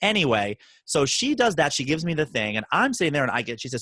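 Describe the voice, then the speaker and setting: A man co-hosting a casual podcast, telling a story in a jokey, animated way. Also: fairly high pitch, fast talker, dry recording. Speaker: podcast co-host.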